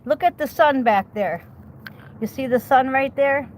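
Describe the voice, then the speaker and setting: A woman's voice: sits high, a little slow, rough recording. A woman giving a casual tarot reading outdoors, chatty and reassuring, often checking in with the listener. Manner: chatty, reassuring, many okays and rhetorical questions. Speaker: tarot reader.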